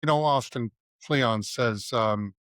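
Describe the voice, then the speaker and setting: This middle-aged ad writer, guesting as a creative director in a relaxed interview, takes his time with a medium-pitched, slightly bright, smooth voice. The recording is dry. He tells stories anecdotally and acts out quoted dialogue.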